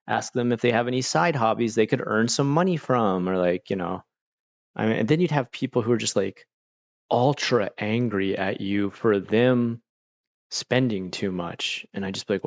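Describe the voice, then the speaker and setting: Man, low voice, streamer, rambling anecdotes, lots of fillers, dry dull recording. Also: dry recording. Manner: rambling, loose delivery with many fillers. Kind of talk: casual storytelling on a chill stream.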